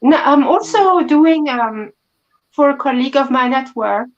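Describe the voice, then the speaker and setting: A woman's voice: high voice, animated, unhurried, lo-fi sound. A woman from France with a French accent, a native French speaker chatting as a guest over her phone, polite and slightly formal. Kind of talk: casual chat over a phone call.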